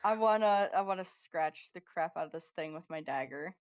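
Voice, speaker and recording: A woman playing in an online tabletop game, playful and excitable. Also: fairly low pitch, moderate pace. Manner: playful and excitable, breaking into cheers. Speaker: player.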